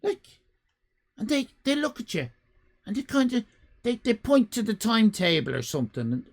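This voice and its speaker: A man's voice: normal speed, pauses often. An Irish man live-streaming, reading out chat and ranting comically, swearing freely. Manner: animated comic ranting, swears freely, big pitch jumps.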